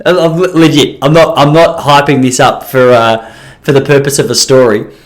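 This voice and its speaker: A man's voice: mid-range voice, fairly even intonation, moderate pace. A man hosting a solo podcast, rambling and self-deprecating, with many restarts. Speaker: podcast host.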